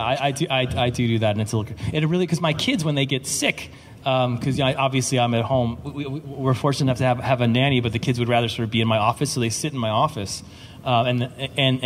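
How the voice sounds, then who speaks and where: Middle-aged male writer, loose and stammering, panel talk in a reverberant hall. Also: medium pitch. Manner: rambling, stammering restarts, frequent swearing and laughter. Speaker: comic book writer on a convention panel. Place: convention panel room. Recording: reverberant hall with audible background noise.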